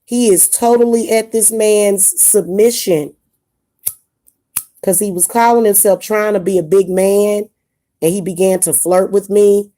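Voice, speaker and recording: A woman's voice: medium pitch, steady tone, unhurried, warm tone. A woman vlogger ranting casually to her viewers, blunt and indignant, often repeating herself. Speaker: spiritual advice vlogger. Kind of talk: casual ranting monologue to camera.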